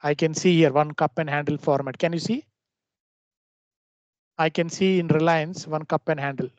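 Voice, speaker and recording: A man teaching a trading lesson over a screen share, explaining in a halting way with frequent restarts. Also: fairly high pitch, fairly even intonation, dry recording. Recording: dull lo-fi dry recording.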